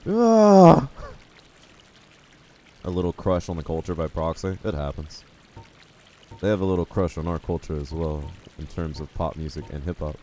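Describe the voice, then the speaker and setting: Man, very low voice, mellow tone, casual live gameplay chatter, talks to his chat. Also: flat delivery, a little fast, faint music behind. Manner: casual, chatty, answers chat while playing. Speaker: streamer.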